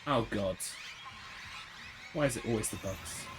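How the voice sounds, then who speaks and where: A man's voice: lowish voice, measured pace, music in the background. Rambling man streaming games. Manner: rambling, swears freely, chatty asides. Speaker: streamer playing a horror game. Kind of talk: casual live gameplay chat.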